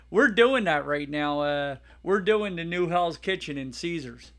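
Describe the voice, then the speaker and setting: Excitable podcast co-host, slightly high-pitched man, rambling and loose. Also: takes it slowly. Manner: excitable, laughs loudly, rambling. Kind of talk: casual chat.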